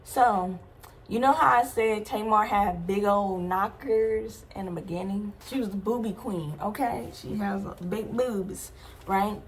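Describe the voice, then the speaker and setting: There's a little hiss or hum behind this young adult woman's mid-range voice. A vlogger, she recounts a personal story at a measured pace, sounding casual, slangy and emphatic while making frequent asides to viewers.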